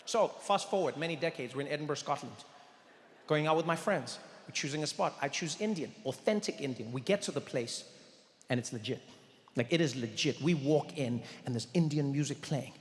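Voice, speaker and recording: A middle-aged man from Africa, telling a stand-up story with animated confidence and bursts of loud emphasis at a live show. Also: a little high, brisk. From South Africa. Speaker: stand-up comedian. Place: large live venue. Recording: live show with long hall reverb.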